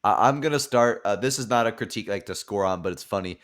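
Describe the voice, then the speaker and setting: A man's voice: fairly low pitch, quick pace, a bit bright. A man in casual podcast chat, laid-back and full of fillers and swearing. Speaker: podcast co-host.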